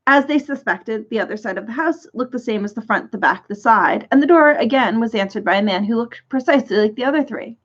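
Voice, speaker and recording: A woman's voice: a little high, animated, fairly quick, few pauses. Woman reading a children's story, lo-fi. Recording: dull lo-fi recording.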